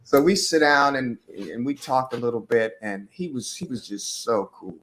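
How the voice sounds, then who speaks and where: A man's voice: mid-range voice, normal speed, a bit bright. A man, a musician guest, telling a loose, rambling story in a casual interview, with many fillers.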